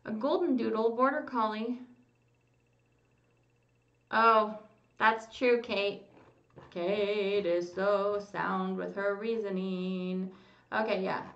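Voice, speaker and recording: A woman's voice: medium pitch, fairly even intonation, slow pace, long pauses, far from the mic. A woman hosting a casual livestream, chatting with viewers and reading their comments aloud. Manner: chatty, reads comments aloud, hums while waiting. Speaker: livestream host. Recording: lo-fi roomy home stream audio.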